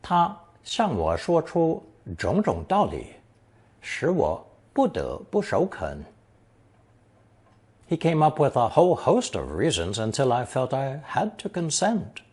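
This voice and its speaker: A man narrating a scripted language lesson, slowly reading example sentences and then translating each one. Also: mid-range voice, huge pitch swings, darkish tone, slightly rough. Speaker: language teacher.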